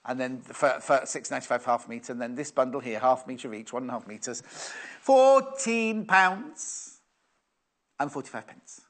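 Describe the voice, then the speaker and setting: Medium-pitched, with lively intonation and a moderate pace, a man hosts a live sales demonstration of fabrics. He chats casually, wonders aloud, and reads out what viewers send in.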